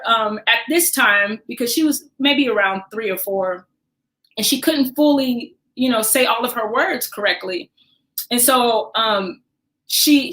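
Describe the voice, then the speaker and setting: A woman in her forties telling a personal story in a lively way, laughing and acting out the voices of the people she quotes. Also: a little high. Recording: echoey room.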